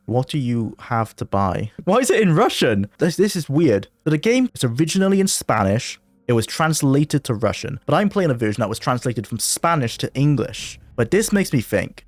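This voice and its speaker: A man giving let's play commentary on a mobile game, excitable, with jumpy bursts of panic and frequent laughter. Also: fairly high pitch, no echo. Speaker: gaming video creator.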